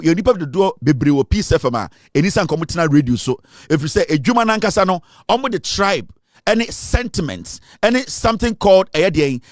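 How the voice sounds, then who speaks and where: A man's voice: a little high, dry recording. A Ghanaian man hosting a show, giving fiery political commentary in an emphatic, lecturing way from a studio. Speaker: radio and online show host. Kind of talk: fiery political commentary mixing Twi and English.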